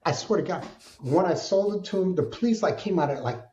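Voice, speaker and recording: A man speaks as a podcast guest, telling his story with animated emphasis and a dark, mellow tone. The sound is a little dull and muffled. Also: high-pitched, a little fast, a little hiss or hum. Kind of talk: candid storytelling interview.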